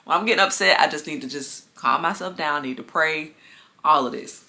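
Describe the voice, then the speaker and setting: A woman's voice: sits low, fairly quick, sharp tone. A woman telling a personal story to her viewers in a casual storytime vlog, chatty and talking to them directly. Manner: chatty, addresses viewers as y'all. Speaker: lifestyle vlogger.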